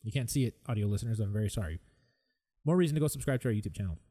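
A man's voice: lowish voice, expressive, rapid-fire, warm tone. A man hosting his own podcast, talking candidly and with exasperation about stress, sometimes mimicking other people. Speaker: podcast host. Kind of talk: solo podcast monologue.

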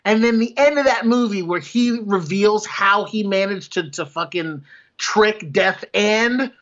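A man's voice: sits high, measured pace, a bit bright. A man co-hosting a podcast, giving blunt, profane movie opinions in casual banter and laughing often. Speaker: podcast co-host. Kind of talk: casual film-review banter. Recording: dull lo-fi podcast audio.

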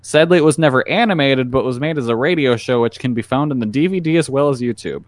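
A man's voice: mid-range voice, quick pace, a little hiss or hum. A man co-hosting a podcast, earnestly reading out a countdown list. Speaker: podcast co-host.

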